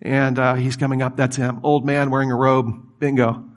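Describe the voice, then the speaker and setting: A man preaching a sermon, reading scripture aloud and commenting on it in a lively, conversational way. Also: mid-range voice, moderate pace.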